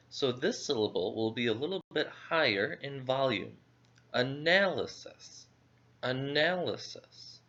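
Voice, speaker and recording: Male English teacher, lively scripted vocabulary lesson, careful enunciation, lo-fi audio. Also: medium pitch. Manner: clear, slow, deliberate enunciation. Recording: dull lo-fi audio.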